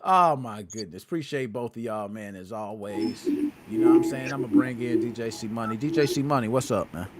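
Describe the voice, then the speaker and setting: A man's voice: on the low side, expressive, a little fast, very noisy. A man hosting a casual gaming podcast, joking around in loose, slangy banter. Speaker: podcast host.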